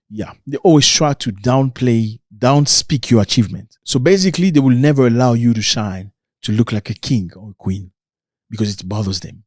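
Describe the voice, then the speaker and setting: A man delivering a motivational talk with emphatic, repeated phrasing. His voice sits at a middle pitch and is recorded close and dry with no room echo. He sometimes mimics other people in a mocking higher voice. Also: brisk, a little mellow. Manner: emphatic, repeats lines for stress, slips into mocking high voices to quote people. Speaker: motivational speaker.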